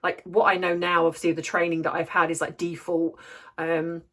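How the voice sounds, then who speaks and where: A woman with a fairly low voice tells a personal story straight to camera. She sounds reflective and candid, often stopping to search for the right words. She is a therapist and life coach. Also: flat delivery, normal speed, fairly bright tone. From United Kingdom.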